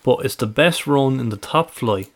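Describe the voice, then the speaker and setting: A man on a casual podcast, working through a list of figures, dates and records. His voice sits in a middling register, and he talks at an even, methodical pace. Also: mid-range voice, moderate pace. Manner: reels off stats and dates, methodical. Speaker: podcast co-host, stats presenter.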